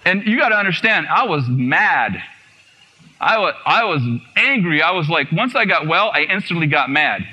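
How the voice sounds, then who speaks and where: A man giving a personal testimony in a sermon, telling his story in an animated way, acting out what was said and laughing often. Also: fairly high pitch, normal speed, slight background noise. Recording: muffled radio broadcast.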